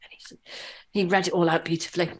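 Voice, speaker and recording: A woman guest on an interview podcast, telling lively anecdotes with many fillers and restarts. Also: fairly low pitch, fast talker. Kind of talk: conversational interview storytelling.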